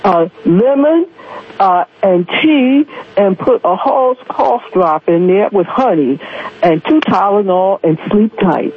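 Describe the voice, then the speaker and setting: A woman calling in to a talk show who speaks plainly and with exasperation. Her husky, rough voice comes through a thin, tinny telephone line. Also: medium pitch, expressive, slow pace. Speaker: caller. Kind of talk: call-in radio chat.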